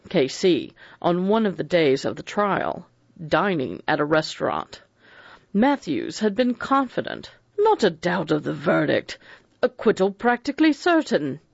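A man narrating an audiobook in an even, unhurried storytelling manner. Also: on the high side, gravelly, no echo, dull audio. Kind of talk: scripted narration.

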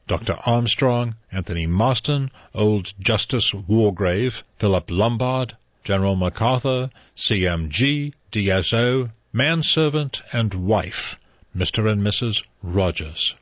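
A man putting on a low, husky, muttering middle-aged detective, clipped and practical, dull dry sound. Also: lively intonation, unhurried, no room sound. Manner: muttering to himself, clipped plain talk. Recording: dull dry audiobook recording.

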